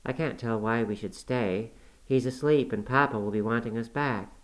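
A man reading an audiobook voices a spirited, willful teenage girl with a quick, petulant manner. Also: medium pitch, close to an everyday voice, rough recording. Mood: hushed.

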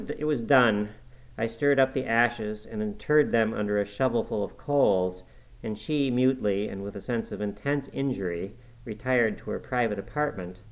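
A man with a fairly low voice narrates a classic novel. His reading is measured and expressive, in the manner of an audiobook. He keeps the pace steady through long sentences. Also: rough recording. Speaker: audiobook reader.

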